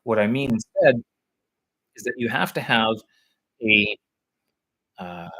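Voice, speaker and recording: A man's voice: fairly low pitch, expressive, slow pace, pushed and bright, poor audio. A man talking live about teaching English, rambling and searching for words as he thinks aloud. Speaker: vlogger on teaching English abroad. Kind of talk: live-stream talk.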